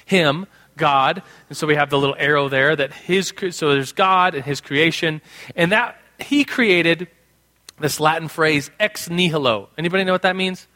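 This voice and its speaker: A man with a high, bright voice teaches a live congregation. He keeps his sermon casual and playful, and he jokes lightly as he explains. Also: moderate pace. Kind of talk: conversational sermon. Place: in front of a live group in a room.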